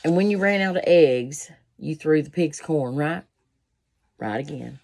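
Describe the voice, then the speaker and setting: A woman's voice: low-pitched, animated, unhurried, vocal fry, a little mellow. A woman reading a children's picture book aloud, breaking off for folksy asides to her listeners. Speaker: storybook reader.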